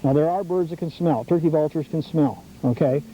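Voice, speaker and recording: On a birdhouse trail outdoors, a middle-aged TV host guides a group of scouts on a nature walk, teaching them with enthusiasm. He talks fairly quickly in a voice that's on the high side yet dark in tone, captured in dull, faintly noisy 1990s public access audio.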